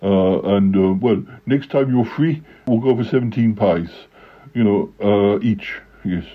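A man voicing a self-important, pie-eating male creature who calls himself a celebrity and rambles with many halting pauses. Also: on the low side, no echo, lo-fi sound. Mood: boastful.

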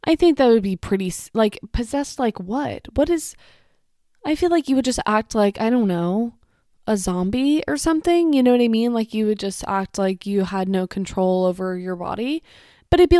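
A woman's voice: on the high side, expressive, moderate pace, mellow, no echo, studio quality. A young woman chatting casually and sarcastically, reading steps aloud and reacting to them with lots of "like" and "you know.". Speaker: vlogger.

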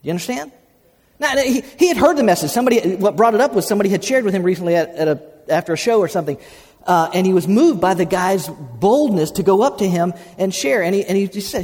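A man's voice: high voice, lively intonation, fast talker, a little mellow, husky. A man preaching a sermon, telling folksy stories and calling on the congregation to answer back. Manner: folksy storytelling, calls congregation to respond. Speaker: pastor. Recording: reverberant sanctuary.

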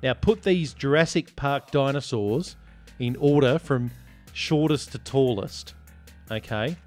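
A man's voice: mid-range voice, measured pace, faint music behind. A man hosting a casual podcast, joking and teasing as he reads listener reviews. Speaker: podcast host. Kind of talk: casual chat.

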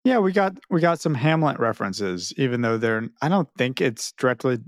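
A man co-hosting a podcast, talking in an animated, rambling way with laughs. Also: medium pitch, a little fast, no room sound, clean studio sound. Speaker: podcast co-host. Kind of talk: casual chat.

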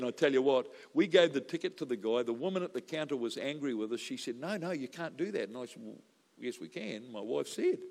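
A male pastor, telling a joking story in a sermon that builds to loud preaching. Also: medium pitch. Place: church hall. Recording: long reverb of a large hall.

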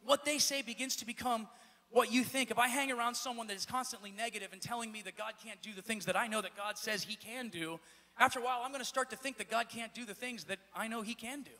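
A man pastor preaching a sermon in a church, with a repetitive, building cadence that rises to shouts. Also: very high voice, fast. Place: church sanctuary. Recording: echoey church hall.

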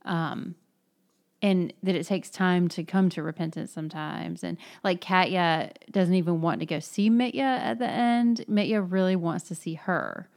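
A woman's voice: lowish voice, moderate pace, gravelly, darkish tone. Reflective woman discussing a novel. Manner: reflective, hesitant with fillers. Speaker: book discussion participant. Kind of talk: casual book discussion.

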